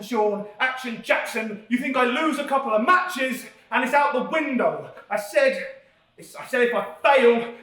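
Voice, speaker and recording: A man with a high voice, full of cocky swagger as he repeats his catchphrases in a backstage wrestling promo. He sounds far from the mic, in a roomy space with plenty of echo. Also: a bit bright. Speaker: pro wrestler. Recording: roomy hallway audio from far off.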